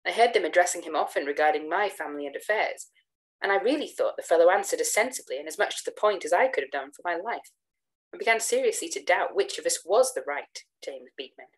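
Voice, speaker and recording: A woman reading a gothic tale in measured, expressive first-person narration. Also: fairly low pitch, poor audio. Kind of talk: literary narration read aloud.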